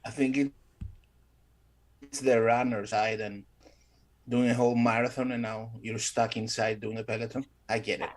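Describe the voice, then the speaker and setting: A man's voice: medium pitch, level tone, normal speed, pauses often. A man co-hosting a casual chat in a laid-back, joking way.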